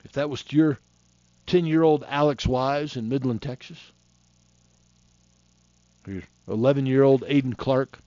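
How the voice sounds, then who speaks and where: A man's voice: mid-range voice, measured pace, pauses often, mellow, no echo. A man in his fifties from Florida, preaching a fiery sermon in a folksy, impassioned way, in a dull, dry lo-fi recording. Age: 50s.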